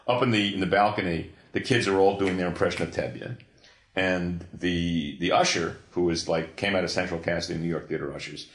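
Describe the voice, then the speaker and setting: Older guy with a real low voice spinning a salty story on a podcast, roomy echo. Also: brisk, slight background noise. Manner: profane, animated storytelling with restarts. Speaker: guest, comics creator. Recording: echoey room.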